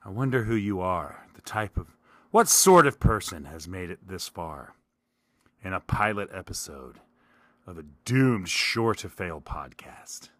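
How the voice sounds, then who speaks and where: A man with a low voice talks through his ideas in a loose, rambling way, poking fun at himself as he goes. He is recorded on a dry, close microphone with no room sound. He comes across as a middle-aged solo podcast host chatting casually. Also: big pitch swings, unhurried, a bit bright, no echo. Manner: rambling, self-deprecating, stream of consciousness.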